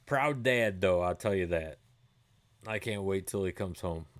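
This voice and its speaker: Chatty middle-aged man, lowish voice. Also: a little slow. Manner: loose and chatty, swears freely, laughs easily. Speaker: livestream host. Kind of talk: casual chat answering viewer comments.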